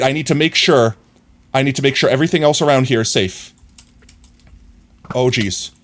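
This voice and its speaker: A man streaming a video game live, talking to himself in excited, frantic bursts as he plays. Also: medium pitch, normal speed, pauses often. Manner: excitable, frantic, talks to himself while playing. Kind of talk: live gameplay commentary.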